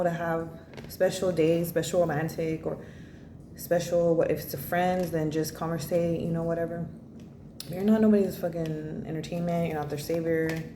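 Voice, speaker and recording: A woman giving a casual spoken tarot reading, blunt and rambling, swearing freely and filling her talk with "you know" and "like.". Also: low-pitched. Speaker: tarot reader. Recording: echoey room with faint noise.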